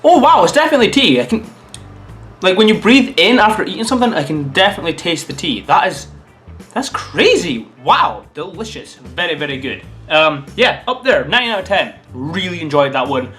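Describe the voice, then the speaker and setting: Lively man chatting through a taste test. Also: high voice, normal speed, faint music behind. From Scotland. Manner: chatty and animated, muses aloud while eating. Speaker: vlogger. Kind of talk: casual taste-test review.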